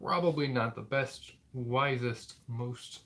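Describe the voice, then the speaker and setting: A man's voice: medium pitch, slow pace, fairly bright tone. A man playing a board game with a friend, explaining the rules in casual chat.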